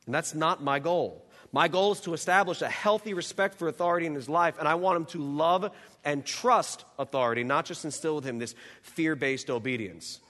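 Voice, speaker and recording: A man's voice: a little high, normal speed, a bit bright. A man preaching a sermon in an earnest, emphatic way, working through numbered teaching points. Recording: long hall reverb.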